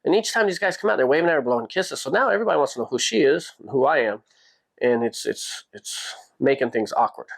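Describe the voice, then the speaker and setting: A man hosting a podcast, telling a personal story in a casual, animated way and jumping his pitch up when he quotes people. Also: quick pace, vocal fry. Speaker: podcast host.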